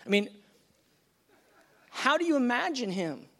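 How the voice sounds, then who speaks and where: Man, high voice, preacher, teaching sermon, animated, conversational. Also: measured pace. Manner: animated, acts out quotes, conversational.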